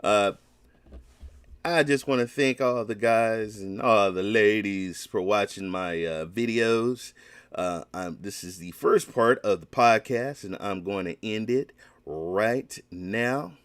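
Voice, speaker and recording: A man's voice: lowish voice, slow, no room sound. A man hosting a casual solo gaming podcast, rambling and emphatic, with many restarts.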